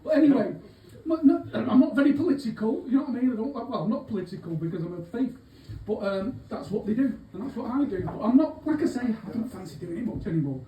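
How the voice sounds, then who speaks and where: A man's voice: very high voice, lively intonation, fast talker, mellow, a little hiss or hum. A man playing a cheeky, rambling, aging small-time thief from Manchester, in a live stand-up character act. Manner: rambling, cheeky, swearing, lots of asides. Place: pub gig venue. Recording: echoey room, distant mic, faint hubbub.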